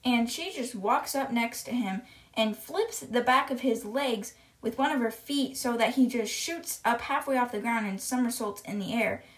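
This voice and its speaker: A woman with a fairly high voice retells a children's book in a loose, chatty way. She keeps saying "like" as she goes, a podcast storyteller rather than a formal reader. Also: normal speed. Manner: chatty, uses "like" a lot.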